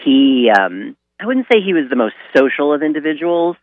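A man's voice: a little high, moderate pace, dry recording, narrow, tinny audio. A man from California, a guest on a radio show, talks casually with frequent ums and short laughs. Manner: relaxed, hesitant, many ums and laughs. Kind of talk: casual interview conversation.

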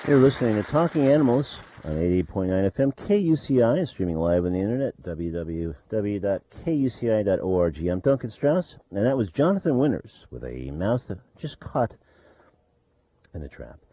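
A man hosting a college radio show, speaking in a casual, halting way with many fillers. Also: lowish voice, sing-song, dark tone, lo-fi sound.

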